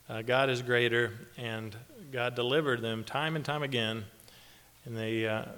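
A man preaches in an easy, conversational way, pausing on fillers and chuckling now and then. His mid-range voice carries a long reverb from a church sanctuary. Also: mid-range voice, a bit bright. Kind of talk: sermon.

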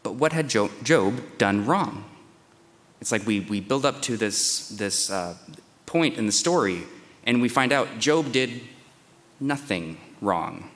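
A man's voice: fairly low pitch, lively intonation, slow pace, a bit bright. A man preaching through scripture, reading verses and acting out the speaker's pleas in a raised, dramatic voice. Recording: long hall reverb.

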